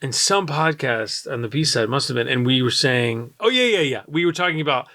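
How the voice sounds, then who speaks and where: Bright-voiced, excitable male podcaster. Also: mid-range voice, moderate pace. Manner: animated, excitable, swears and mimics lines. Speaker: podcast co-host. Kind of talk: casual film podcast chat.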